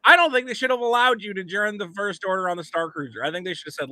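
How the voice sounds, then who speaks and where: A man hosting a casual comedic podcast, loud, mocking and swearing a lot. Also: sits high, fast, hardly any pauses, no echo. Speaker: podcast host.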